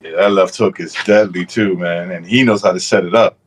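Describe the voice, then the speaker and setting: A man's voice: low voice, steady tone, a little fast, breathy edge. Laid-back male podcast co-host. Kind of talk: casual podcast chat.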